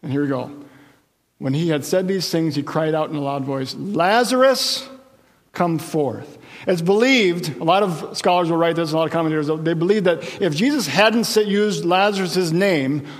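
A male pastor delivers a sermon in a slightly high voice, moving between storytelling and playful asides. His words ring out with a long reverb, as in a church hall. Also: moderate pace. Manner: animated storytelling with asides and jokes.

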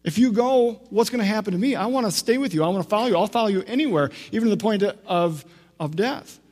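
Preacher acting out an impulsive, devoted young disciple; urgent, pleading, pitched up, reverberant hall. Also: male voice, animated, fast talker, darkish tone. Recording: long echo of a large hall.

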